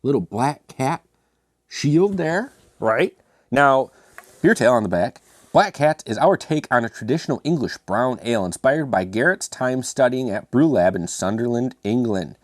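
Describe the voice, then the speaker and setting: A man's voice: medium pitch, lively intonation, normal speed, dry recording, studio quality. A man hosting a casual beer review, chatty and self-mocking with rambling asides.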